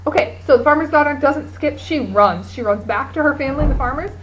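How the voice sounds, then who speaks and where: A woman's voice: sits high, brisk, fairly bright tone, slight background noise, low-quality recording. A young woman co-hosting a homemade video, improvising a silly story in a rambling, giggly way. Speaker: video co-host.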